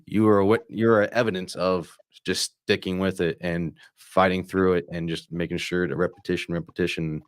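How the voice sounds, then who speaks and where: A man from Michigan's Upper Peninsula hosts a podcast with a very low, deep voice. He speaks in a measured, earnest way, and the sound is dry, with no room echo. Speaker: podcast host. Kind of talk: casual interview chat.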